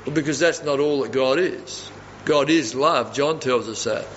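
A man's voice: medium pitch, moderate pace, a little hiss or hum. A man preaching a sermon, emphatic and fond of repeating phrases for stress. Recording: dull audio with long reverb in a hall.

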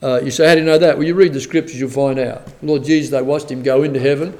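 A man's voice: mid-range voice, fairly even intonation, quick pace, a little mellow. A man preaching a conversational sermon, plain-spoken, who asks the listeners rhetorical questions and reads scripture in old-fashioned wording.

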